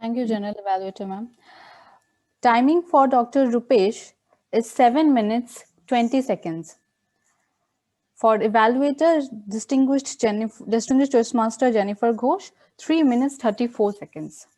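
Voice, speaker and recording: Woman, meeting timer, brisk, formal, slightly high voice. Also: a little mellow. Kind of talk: reading a timing report.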